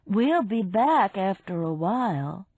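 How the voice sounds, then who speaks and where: An easygoing but stubborn man calls from his boat in slow, drawn-out lines, as a woman narrator voices him. His voice is husky. The recording is dry and dull. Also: mid-range voice, big pitch swings, a little mellow, no echo, full character voice. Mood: breezy.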